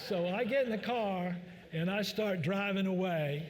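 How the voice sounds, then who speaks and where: Man, doctor giving a talk, somewhat high voice, folksy and joking, long hall reverb. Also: a little slow. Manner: folksy, joking, many fillers. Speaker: physician speaker. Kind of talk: public talk with anecdotes. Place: large church hall.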